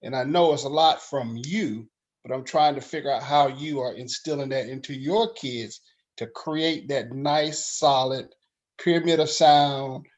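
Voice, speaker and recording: A man's voice: medium pitch, a little slow. A man courteously greeting a colleague and asking him a question about teaching band. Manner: polite and courteous. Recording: dull lo-fi sound.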